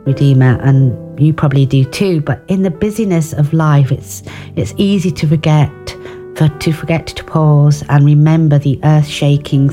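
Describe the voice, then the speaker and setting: A woman's voice: low-pitched, mellow. A woman giving an informal devotional talk on prayer, earnest and personal, with restarts and asides. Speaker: devotional speaker.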